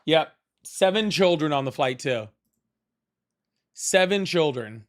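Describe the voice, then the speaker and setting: A man's voice: fairly high pitch, lively intonation. A man hosting a live political call-in stream, chatting casually and pressing callers hard. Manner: argumentative, quick to press callers.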